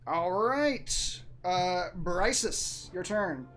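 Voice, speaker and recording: A man's voice: high-pitched, lively intonation, extremely slow, fairly bright tone, faint music behind. A man running a tabletop game as game master, with a hesitant, easygoing manner.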